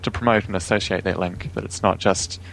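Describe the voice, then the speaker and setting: A man's voice: deep voice, steady tone, fairly quick, gravelly, a bit bright, slight background noise, rough recording. A man with a New Zealand accent, a guest talking casually in an interview over a remote call, easygoing and chuckling often. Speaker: guest, vegan activist.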